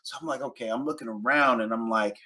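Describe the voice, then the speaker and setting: A man, teaching travel phrases in a casual, animated video lesson and repeating each phrase. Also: mid-range voice, quick pace. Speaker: Spanish teacher.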